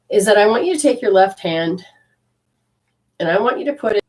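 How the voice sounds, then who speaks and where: A woman's voice: mid-range voice, fairly quick, darkish tone, poor audio. A woman giving an intuitive card reading to a caller. She rambles and restarts often, and affectionately calls her listener honey. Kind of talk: spiritual reading and coaching.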